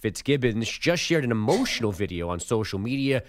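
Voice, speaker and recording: A man's voice: mid-range voice, sing-song, fairly quick, a little hiss or hum. A man reading sports headlines on a talk show with wry, dry humor. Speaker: news reader. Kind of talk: headlines with banter.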